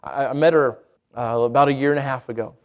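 A man's voice: medium pitch, steady tone, fast. A male pastor preaching a sermon, asking rhetorical questions again and again and restarting words as he goes.

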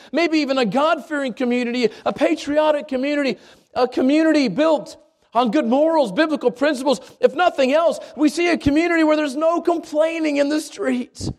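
A man preaching a sermon, telling stories in an animated way with frequent restarts. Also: very high voice. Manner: animated storytelling with repeated restarts.

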